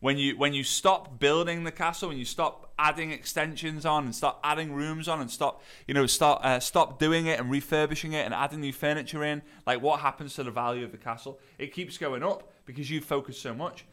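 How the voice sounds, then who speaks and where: A man's voice: fairly high pitch, steady tone, fairly quick, few pauses, fairly bright tone. A man hosting a podcast, coaching on network marketing in a loose, conversational monologue full of fillers and restarts.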